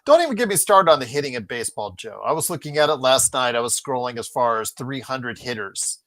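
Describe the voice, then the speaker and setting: A woman co-hosting a casual sports podcast, talking in an animated, exasperated, rambling way. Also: a bass voice, a little fast. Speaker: podcast co-host.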